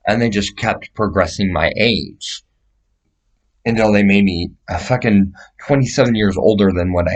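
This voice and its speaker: Male, low register, loose and profane, meandering vlog monologue delivered to camera. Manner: profane, meandering, gestures while describing sizes. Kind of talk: rambling casual monologue to camera.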